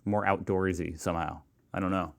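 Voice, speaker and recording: A man's voice: deep voice, steady tone, a little fast, gravelly. An American man hosting a reaction video, chatty and self-deprecating as he muses aloud. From United States. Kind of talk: casual reaction commentary.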